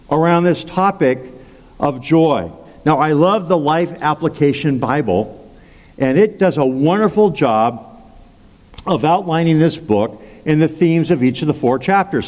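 A male pastor preaching a sermon, unhurried and emphatic, repeating words and leading the congregation in call-and-response. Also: a little high, darkish tone. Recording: long hall reverb.

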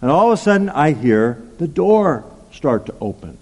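A man's voice: on the high side, very animated, moderate pace, a little mellow. A male pastor preaching a sermon, telling a personal story in a chatty way with asides like "okay?" and "right?". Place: large church hall. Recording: long hall reverb.

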